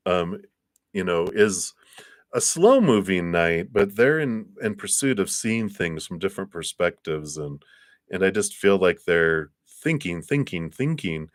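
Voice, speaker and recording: Deep-voiced man giving tarot readings. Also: no echo, studio quality. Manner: chatty, acts out little scenes in higher voices. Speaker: tarot reader.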